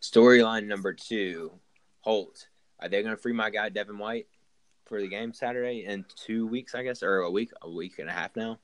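A young man hosts a loose sports talk show, rambling and restarting his sentences as he goes. His voice sits very low and sounds dry and close. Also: moderate pace, dry recording, low-quality recording. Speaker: podcast host. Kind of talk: casual sports chat.

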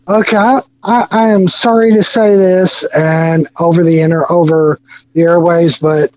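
High-voiced man telling prank stories. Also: steady tone, measured pace, a little mellow, no room sound, dull audio. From Arkansas, US. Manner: jokey, rambling, full of restarts and comic voices. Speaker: podcast guest. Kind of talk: casual storytelling chat.

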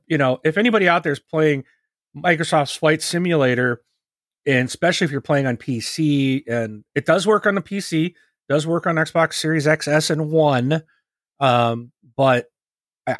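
A man co-hosting a podcast, talking casually and rambling with halting restarts. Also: a little high, dry recording, studio quality. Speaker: podcast co-host.

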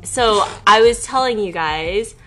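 A young woman chatting casually with friends in a relaxed way. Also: medium pitch, a little slow, soft background music, rough recording. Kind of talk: casual chat.

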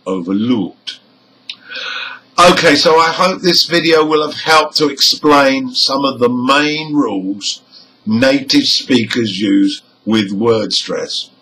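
A man's voice: mid-range voice, bright, forceful tone, low-quality recording. A man teaching English word stress, explaining rules and enunciating example words carefully. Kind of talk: slow, deliberate lesson explanation.

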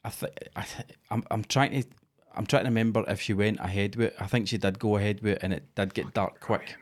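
A man with a Scottish accent co-hosting a casual podcast, teasing his friend with quick, sweary questions. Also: on the low side, fairly even intonation. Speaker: podcast co-host.

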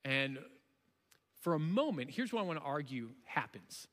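A man in his thirties preaching a sermon, impassioned, shifting between loud emphasis and quiet storytelling. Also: fairly high pitch, very animated, normal speed. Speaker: pastor. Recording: long hall reverb.

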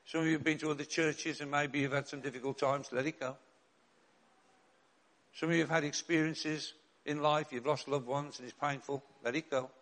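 A man's voice: a little high, a bit bright. An older man, a bishop and chaplain preaching a sermon in an earnest, direct way with rhetorical questions and repeated refrains.

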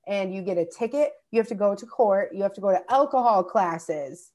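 A woman's voice: medium pitch, animated, brisk, a little mellow. A young woman from Minnesota, co-hosting a podcast, telling a story in casual chat and swearing freely. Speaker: podcast co-host.

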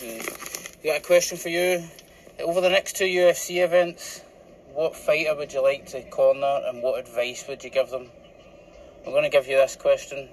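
A man's voice: a little high, level tone, moderate pace, slight background noise. A man leaving a playful, upbeat question for a podcast as a voice message. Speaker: listener sending a question. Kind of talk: casual recorded voice message.

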